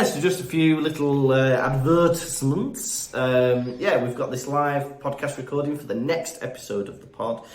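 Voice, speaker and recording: A man hosting a podcast, wrapping up the episode and reading announcements in a relaxed, chatty way. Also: mid-range voice, roomy sound. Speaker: podcast host. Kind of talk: casual podcast chat and announcements.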